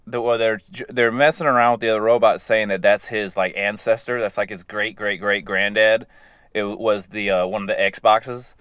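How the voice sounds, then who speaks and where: A man casually recapping animated episodes in a loose, rambling way, chuckling as he goes. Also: on the low side, normal speed, clean tone, no echo.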